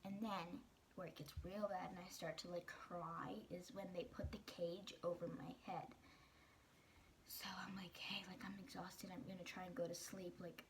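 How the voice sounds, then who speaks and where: A woman's voice: on the low side, slight background noise. A teenage girl vlogging, telling a personal story in a casual, chatty way, full of "like" and quoting the people in it.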